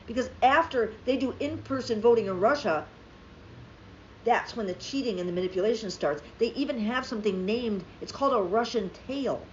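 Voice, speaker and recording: A woman with a fairly high voice vents about politics in a heated, profane rant. She punches her words hard and repeats them for emphasis. The audio is a bit dull and lo-fi, with faint background hiss. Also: normal speed. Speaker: political commentator.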